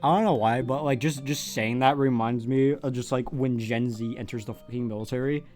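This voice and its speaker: A young adult co-host chats casually on a comedy podcast, rambling and swearing as the jokes pile up. The pitch sits in a middle range. Faint music plays underneath. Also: a little fast, a little mellow. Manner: profane, joking, rambling.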